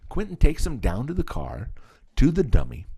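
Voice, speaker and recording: Lively low-voiced man telling stories. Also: normal speed, breathy edge. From Southern California. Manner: animated storyteller, acts out voices, laughs often. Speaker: guest, special effects artist. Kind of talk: casual storytelling interview.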